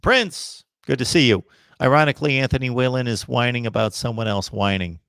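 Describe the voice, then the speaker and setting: A man hosts a casual live sports chat, answering viewer comments one after another. He speaks at a middle pitch in an emphatic, opinionated way. The sound is dry and close, with almost no room echo. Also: brisk, a bit bright, clear, resonant tone. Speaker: host of a college football livestream.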